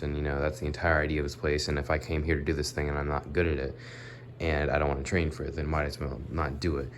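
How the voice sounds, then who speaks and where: A man's voice: extremely low pitch, fairly even intonation, quick pace, a little hiss or hum. A young man with a nasal voice who has a cold, rambling through an unscripted vlog monologue, correcting himself as he goes and talking straight to his viewers. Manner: rambling, self-correcting, talks to viewers directly. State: sick with a cold. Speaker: vlogger.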